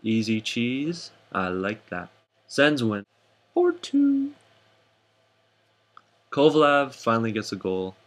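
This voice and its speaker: A young man casually recapping hockey games for his vlog, jokey and excitable, with sudden high whoops. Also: measured pace. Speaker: hockey fan vlogger.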